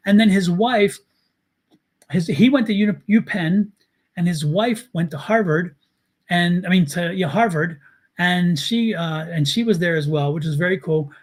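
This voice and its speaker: Speaking with a Baltimore accent, a fairly high-voiced man from Baltimore, United States co-hosts a live tarot stream as a tarot reader. He chats casually at a moderate pace, telling animated, rambling stories as his pitch rises and falls.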